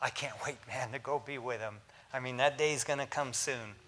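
An older man, a pastor, preaching a sermon in a lively, joking way to his congregation. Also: medium pitch, brisk.

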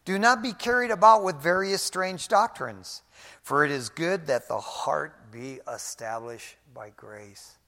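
A male pastor preaching a sermon in a casual way, often saying "man" and swinging from quiet asides to loud emphasis. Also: a little high, animated, unhurried. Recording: echoey hall.

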